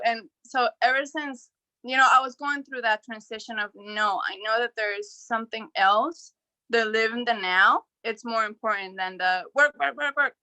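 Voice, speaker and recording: Tearful woman, rambling, heartfelt, bright tone, higher pitch. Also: moderate pace, no room sound, poor audio. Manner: heartfelt, rambling, many fillers. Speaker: caller on coaching call. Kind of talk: emotional call-in chat.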